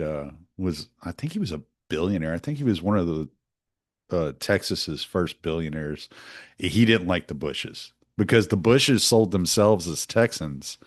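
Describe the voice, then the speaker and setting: A man's voice: sits low, no room sound, studio quality. A man hosting casual political commentary, rambling with lots of fillers and restarts. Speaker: host.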